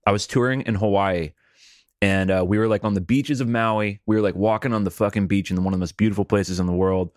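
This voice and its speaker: Laid-back low-voiced man hosting a podcast. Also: steady tone, fast, no echo, studio quality. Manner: laid-back, rambling storyteller. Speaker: podcast host. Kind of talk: casual comedic podcast banter.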